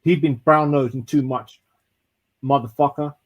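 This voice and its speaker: A man's voice: mid-range voice, steady tone, unhurried, highs cut off. A man from London throwing crude, swear-heavy freestyle insults in a trash-talk battle.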